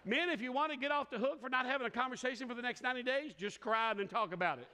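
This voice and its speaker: Brief: middle-aged male pastor, high bright voice, joking storyteller, church hall reverb. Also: fast talker, clear, resonant tone. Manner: storytelling with humor, laughs often. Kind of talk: sermon.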